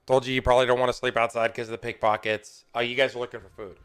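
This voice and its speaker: A man's voice: mid-range voice, flat delivery, very fast, few pauses, fairly bright tone, smooth. A man narrating and voicing characters as game master of an online tabletop game, casual and swearing now and then. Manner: casual, swears, laughs easily. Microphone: computer mic on a voice call.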